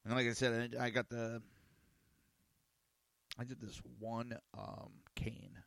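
Guy rambling on his little show, gravelly and bright, dry room, keeps repeating himself. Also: mid-range voice, flat delivery, takes it slowly, no echo. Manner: rambling, repeats words, curses casually. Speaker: host of a small radio and YouTube show. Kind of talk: casual rambling monologue.

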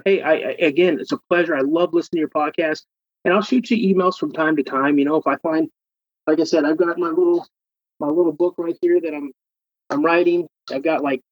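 Husky-voiced man telling an earnest story. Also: a little high, no echo, highs cut off. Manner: earnest, halting, repeats words. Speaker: podcast guest. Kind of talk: emotional storytelling.

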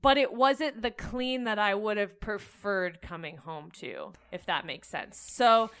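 A young woman telling candid, animated stories in casual chat, swearing freely. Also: medium pitch, unhurried, smooth.

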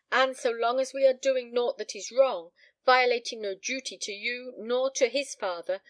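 A woman's voice: medium pitch, dry recording, natural voice. A woman doing a grave anxious old father.

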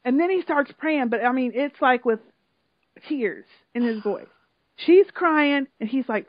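A woman's voice: high voice, expressive, unhurried, no echo. A woman in casual chat, telling an emotional story with swearing and lots of feeling. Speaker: podcast co-host recapping a reality show. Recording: dull lo-fi sound.

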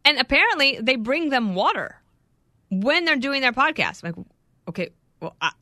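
A woman co-hosting a podcast, chatting casually with quick jokes and asides. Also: high-pitched, big pitch swings, bright, forceful tone, dry recording, studio quality. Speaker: podcast co-host. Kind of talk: casual chat.

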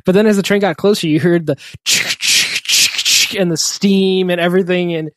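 Man, casual chat, chuckling, halting, restarting, dry close sound. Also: sits high, steady tone, no echo. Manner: chuckling, halting, self-interrupting anecdotes. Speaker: podcast co-host, parent.

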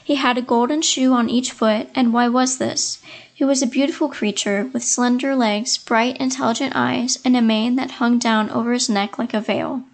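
A woman reads a classic fairy tale aloud in a measured, expressive way. Her voice sits slightly high. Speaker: storyteller. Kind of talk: scripted fairy-tale narration.

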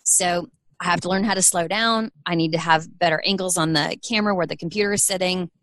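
A woman's voice: lowish voice, steady tone, brisk, a bit bright, no echo. A middle-aged woman who runs a small clothing business, answering interview questions earnestly and acting out quoted dialogue.

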